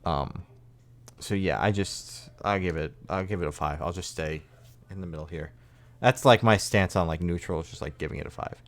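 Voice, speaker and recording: A man's voice: low voice, normal speed. A man co-hosting a music podcast, chatting casually in a rambling way and swearing freely. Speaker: podcast co-host. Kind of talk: casual chat.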